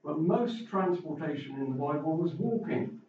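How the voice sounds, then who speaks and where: A male preacher with a fairly high voice delivers a chatty sermon, putting questions to his listeners and dropping in light asides. He is heard from a distance in a very echoey room, and the sound is dull and muffled. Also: expressive, moderate pace, a little mellow, a little hiss or hum. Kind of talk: conversational sermon.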